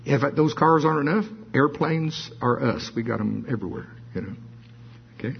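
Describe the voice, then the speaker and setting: A man preaching a sermon, reading scripture slowly and adding playful asides. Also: medium pitch, creaky, breathy edge. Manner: reads scripture slowly, adds asides with laughs. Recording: dull lo-fi sermon recording.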